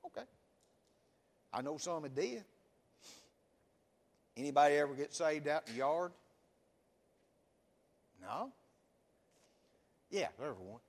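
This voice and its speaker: A man's voice: on the high side, expressive, slow, long pauses, long reverb tail. A man preaching a sermon in a church, asking the congregation question after question with a rising and falling cadence. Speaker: pastor.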